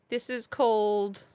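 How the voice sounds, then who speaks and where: A woman's voice: on the high side, background noise. A woman streaming as a playful mock substitute teacher, chatting casually and reading out viewers' names.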